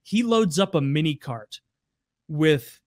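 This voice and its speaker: A man's voice: fairly high pitch, expressive, takes it slowly, no room sound, clean studio sound. A man on a podcast, telling casual, profane anecdotes with a wry edge. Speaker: podcast regular. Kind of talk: casual storytelling.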